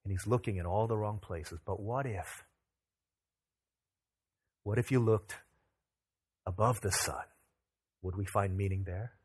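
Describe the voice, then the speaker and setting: A man in his thirties, a pastor, preaching a sermon that opens with a lively family anecdote, acting out the dialogue in it. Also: fairly low pitch, measured pace, pauses often, breathy edge. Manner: animated, acts out dialogue in anecdotes. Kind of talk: sermon with storytelling.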